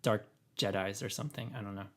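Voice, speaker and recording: Raspy man chatting casually. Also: lowish voice, fast. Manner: rambling, many fillers and laughs. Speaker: podcast co-host. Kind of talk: casual chat.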